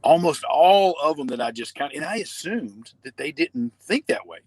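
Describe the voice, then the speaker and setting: A man's voice: a little high, lively intonation, normal speed, dry recording. A man, talking earnestly as a podcast guest in a casual conversation.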